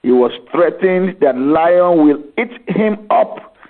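Man, prayer leader, fervent, repetitive exhortation, slow delivery, tinny phone-line sound. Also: a little high, animated. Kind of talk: leading congregational prayer.

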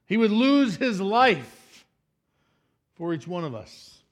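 A pastor giving a sermon in a church, throwing out questions to the congregation and acting out the people in the story, swinging from loud emphatic lines down to soft, low asides. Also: male voice, very animated, takes it slowly. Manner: acts out voices of people in the story.

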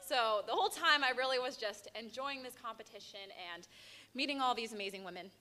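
Bright-voiced young woman telling her story. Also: fairly high pitch, fairly quick. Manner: emotional, animated storytelling. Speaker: guest, pageant winner. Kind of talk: personal testimony.

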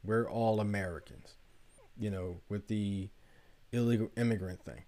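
Podcast host, male, lower voice, animated storyteller who keeps firing rhetorical questions. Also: measured pace. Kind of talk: casual monologue.

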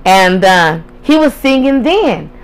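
A woman's voice: mid-range voice, very animated, takes it slowly, smooth, low-quality recording. A young woman hosting a podcast, telling a personal story in a candid, profane way and laughing often. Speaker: podcast host. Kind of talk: casual storytelling.

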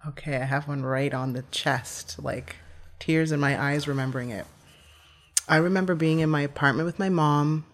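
A woman's voice: sits low, steady tone, normal speed. A woman guest telling a personal story in a heartfelt, vivid way, often restarting her phrases.

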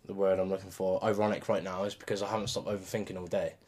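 A man's voice: low-pitched, level tone, quick pace, a little mellow. A man co-hosting a podcast in casual chat, who laughs often while he talks. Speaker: podcast co-host.

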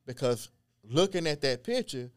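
Smooth, crisp male voice, mid pitch, earnest storyteller, casual interview. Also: sing-song, moderate pace. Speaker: guest historian and genealogist.

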